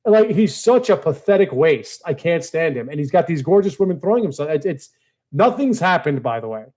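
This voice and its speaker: A man ranting casually to his audience, profane and exasperated, swinging between low mutters and heated outbursts. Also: sing-song, brisk, a little mellow. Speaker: video creator. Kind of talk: casual rant to camera.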